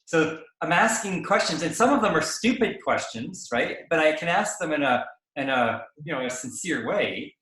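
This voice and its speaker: A man coaching someone on sales conversations in a casual, animated way, acting out both sides of a dialogue and often checking in with "right?". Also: fairly high pitch, moderate pace, few pauses. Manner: animated, acts out dialogue, frequent tag "right?". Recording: roomy echoey room.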